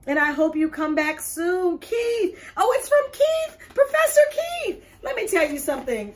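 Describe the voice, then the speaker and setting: A woman's voice: very high-pitched, sing-song. A woman hosting a casual video, opening gifts with playful, exuberant chatter. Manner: exuberant, playful, quick to laugh. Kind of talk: casual chat.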